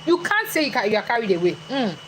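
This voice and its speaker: Woman speaker, animated, high voice, noisy room recording, engages the crowd. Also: fast talker. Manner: animated, chatty, questions the audience directly. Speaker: motivational speaker. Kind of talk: motivational talk to a live audience.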